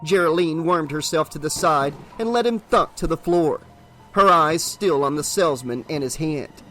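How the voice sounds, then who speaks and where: A man's voice: a little high, normal speed, bright, forceful tone, faint music behind. Man narrating a horror audiobook.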